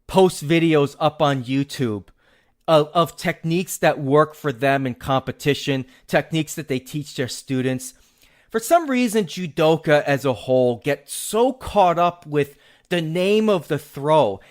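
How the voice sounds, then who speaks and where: A man hosts a podcast on his own, chatting casually about his hobby. His voice sits a bit high, and he rambles and cuts himself off, then restarts with strong opinions. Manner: rambling, self-interrupting, animated opinions. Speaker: podcast host. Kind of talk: casual solo podcast talk.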